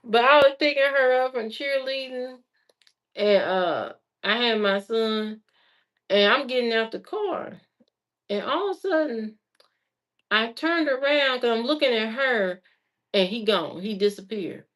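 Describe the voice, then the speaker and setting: A woman's voice: fairly high pitch, measured pace. A woman telling personal stories to her viewers in a casual, colloquial way, often repeating phrases for emphasis. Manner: lively storyteller who repeats phrases for emphasis; colloquial, chatty delivery.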